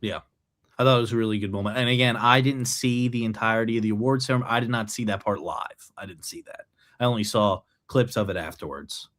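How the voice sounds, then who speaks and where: A man's voice: lowish voice, quick pace, fairly bright tone. A man co-hosting a sports podcast, agreeable and careful to hedge in casual chat. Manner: agreeable, hedging. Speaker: podcast co-host.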